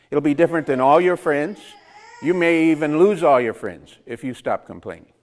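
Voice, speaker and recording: A man preaching a conversational sermon, asking the congregation rhetorical questions and chuckling between points. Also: fairly high pitch. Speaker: pastor.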